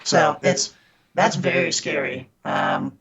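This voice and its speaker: A man's voice: fairly high pitch, huge pitch swings, slow, vocal fry, a bit bright, slightly rough, lo-fi sound. A man guest on a podcast, earnestly telling stories of fighting scammers, often restarting his sentences. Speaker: podcast guest, scam baiter. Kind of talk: casual interview storytelling.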